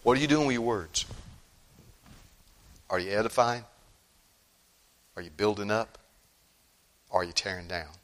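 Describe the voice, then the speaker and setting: A male pastor preaching a sermon emphatically, repeating phrases and swinging from loud outbursts to hushed tones. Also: lowish voice, animated, measured pace, pauses often.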